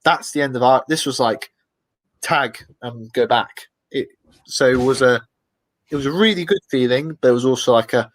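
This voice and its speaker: A man, the guest in an interview, telling lively anecdotes in a casual way and acting out the voices of people he quotes. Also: mid-range voice, moderate pace, long pauses, no room sound, rough recording. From Britain. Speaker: expedition guest.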